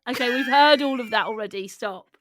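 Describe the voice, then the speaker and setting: A woman's voice: a little high, brisk, fairly bright tone, no echo, clean studio sound. A woman co-hosting a podcast, talking in a teasing, bossy, blunt way. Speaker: podcast co-host. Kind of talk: casual comedic chat.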